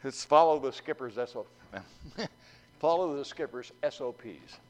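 A man's voice: medium pitch, moderate pace, darkish tone, rough recording. A man preaching a sermon in a folksy way, asking the congregation questions and acting out the voices in a story he tells. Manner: acts out voices in a told story.

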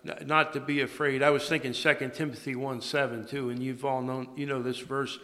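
A male pastor giving a morning sermon, speaking haltingly with many fillers and restarts. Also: medium pitch, level tone, a bit bright. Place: church sanctuary. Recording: long reverb of a large church.

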